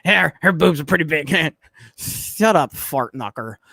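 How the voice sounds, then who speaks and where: A man's voice: fairly high pitch, animated, takes it slowly, creaky, pushed and bright, dry recording, exaggerated voice. A man putting on an impression of a dim-witted, snickering cartoon teenage boy with a crude manner.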